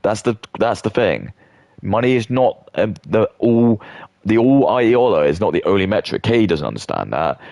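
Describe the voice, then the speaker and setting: A man's voice: lowish voice, very animated, normal speed, vocal fry, darkish tone, dry recording, studio quality. A British man in his thirties, talking in a rambling, blunt rant with frequent stammering restarts. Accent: British English. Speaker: streamer.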